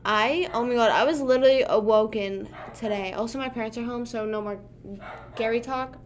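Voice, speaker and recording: A woman's voice: on the high side, a little fast, slight background noise. Slangy chatty young woman streamer. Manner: chatty, slangy, lots of "like" and "bruh". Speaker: livestreamer. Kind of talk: casual chat with viewers. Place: home room.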